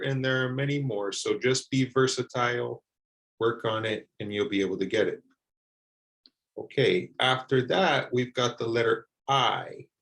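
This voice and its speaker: A man teaching English pronunciation, repeating words slowly and carefully for learners. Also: medium pitch, vocal fry, fairly bright tone, low-quality recording. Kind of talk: slow, deliberate pronunciation lesson.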